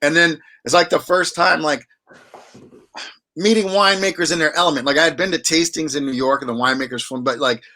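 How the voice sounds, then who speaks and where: Male guest, bright tone, slightly high, loose rambling delivery. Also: fairly even intonation, brisk. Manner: rambling, many restarts and fillers. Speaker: wine auctioneer and guest. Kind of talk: casual interview chat.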